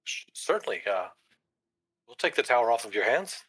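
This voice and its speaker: A man's voice: medium pitch, sing-song, moderate pace, fairly bright tone, slightly rough. A man voicing an eager, playful bard adventurer who speaks earnestly and a bit hesitantly. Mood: polite.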